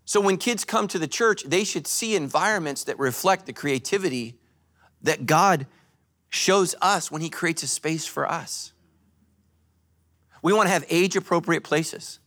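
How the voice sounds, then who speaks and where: A male pastor giving a sermon at a church service, joking and telling animated stories. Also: fairly high pitch, unhurried. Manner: animated, joking, storytelling preacher.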